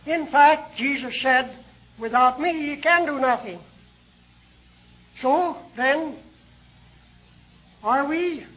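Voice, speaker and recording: A man preaching a sermon in a deliberate, measured way, pausing often between phrases. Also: very high-pitched, dull audio. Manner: slow, deliberate, with many pauses.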